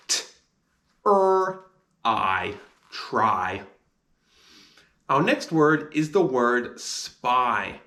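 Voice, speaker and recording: A man's voice: medium pitch, pushed and bright. A man teaching a phonics spelling lesson, sounding out each word letter by letter.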